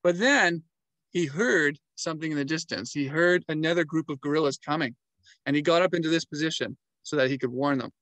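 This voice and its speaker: A man vlogging, telling travel stories in a casual, animated way and acting out animal sounds and movements. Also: on the high side, a little fast, dry recording, low-quality recording.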